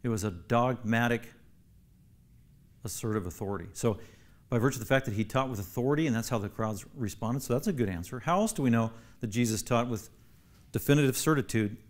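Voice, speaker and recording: A man's voice: mid-range voice, a little fast. A man, a pastor, teaching a Bible class, emphatic and repeating key phrases for stress while asking the class questions.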